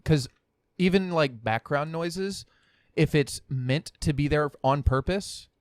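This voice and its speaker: A man co-hosting a casual podcast, excitable and quick to swear, often talking over his partner. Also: a little high, no room sound. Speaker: podcast co-host. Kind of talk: casual chat.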